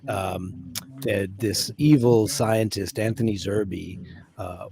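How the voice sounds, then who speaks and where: A man's voice: on the low side, fairly even intonation, takes it slowly, creaky, mellow. A man in casual chat, wry and joking, a little profane.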